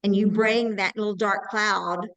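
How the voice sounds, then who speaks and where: A woman's voice: mid-range voice, steady tone, measured pace, fairly bright tone, poor audio. Earnest woman joining an online class. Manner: earnest, explaining with examples. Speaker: class participant. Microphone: video call.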